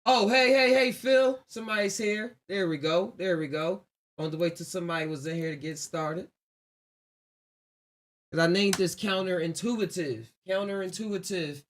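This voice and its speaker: With a high-pitched voice at normal speed, this podcast host talks casually on his solo livestream. He rambles loosely and reflectively, laughing frequently.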